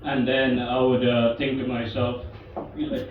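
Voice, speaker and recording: A man doing stand-up comedy, telling stories in a relaxed, self-deprecating way with lots of fillers, recorded from a distance in a live room with audience laughter. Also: mid-range voice, unhurried, slight background noise. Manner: laid-back, self-deprecating with frequent fillers. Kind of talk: stand-up storytelling. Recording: echoey distant live room, slightly dull.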